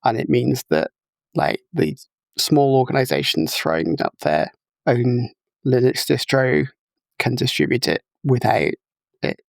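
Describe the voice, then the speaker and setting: Gravelly-voiced man on a video call. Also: medium pitch, very animated, measured pace, no room sound. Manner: thoughtful, explains step by step with fillers. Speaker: podcast guest. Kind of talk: casual technical discussion. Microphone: remote video call.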